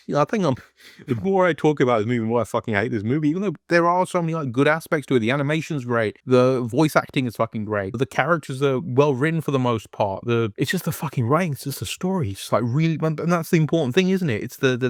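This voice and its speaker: Man, ranting video host, heated, constant swearing, mid-pitched voice, dry recording. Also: no echo. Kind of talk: casual profane rant.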